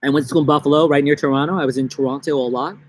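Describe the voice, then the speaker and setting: A man's voice: a little high, fairly even intonation, very fast, dry recording. A man from New York hosting a casual live-stream chat outdoors in a busy city, rambling through goofy, jokey tangents into a phone camera. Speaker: livestream host.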